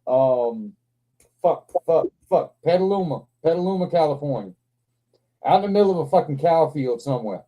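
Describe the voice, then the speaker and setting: A man's voice: fairly high pitch, lively intonation, normal speed, phone-quality sound. A man in his forties hosting a livestream, telling rambling, profane stories with frequent laughter. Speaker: livestream host. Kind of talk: casual storytelling chat.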